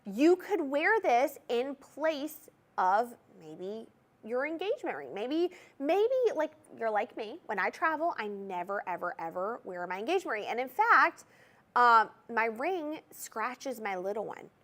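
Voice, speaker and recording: A woman's voice: a little high, sing-song, unhurried, fairly bright tone. A woman with a Southern US accent hosting a TV shopping show, gushing in chatty sales patter to viewers from a studio on a lapel mic. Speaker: shopping channel host. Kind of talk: live TV shopping presentation.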